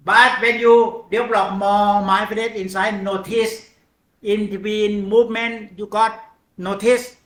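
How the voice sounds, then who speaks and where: Male meditation teacher, halting broken phrasing, slightly raised pitch, roomy echo. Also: level tone, fairly bright tone. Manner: slow, halting non-native English in short phrases with pauses. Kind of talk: dharma talk on mindfulness.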